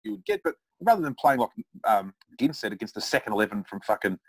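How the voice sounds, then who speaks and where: A man's voice: lowish voice, sing-song, quick pace, creaky, rough recording. A man in casual chat, eager and jumping in often. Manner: eager, chimes in often, self-described cricket nerd.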